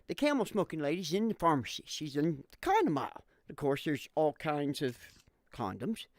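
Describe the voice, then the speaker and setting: A man's voice: a little high, moderate pace, dry recording, studio quality. A man telling a long joke in casual voice chat, rambling and laughing as he goes. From southeastern United States. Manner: rambling, laughing, animated storyteller. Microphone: headset in online voice chat.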